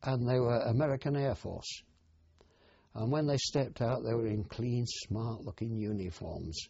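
An older man, a war veteran, telling his memories in a plain, unhurried oral history interview. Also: mid-range voice, creaky, warm tone, husky, no echo. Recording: dull, dry archive interview recording.

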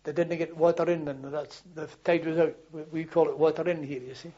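An older man telling wartime memories as a former policeman, in a halting, rambling way full of restarts and chuckles. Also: fairly high pitch, little pitch movement, warm tone, dull audio. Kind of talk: oral history storytelling.

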